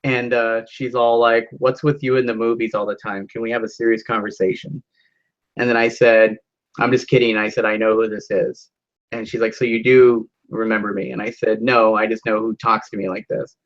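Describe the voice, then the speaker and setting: A man's voice: lowish voice, level tone, normal speed. Rambling young man, dull lo-fi sound. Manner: rambling storyteller, many fillers and swearing. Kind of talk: casual chat with a friend.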